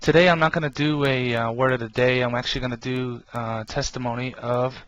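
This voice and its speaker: A man's voice: mid-range voice, steady tone, brisk. A young man from Boston with a Boston accent, giving an earnest, rambling personal religious testimony full of fillers and restarts. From Boston, Massachusetts. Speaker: video ministry host. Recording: dull lo-fi with loud background noise.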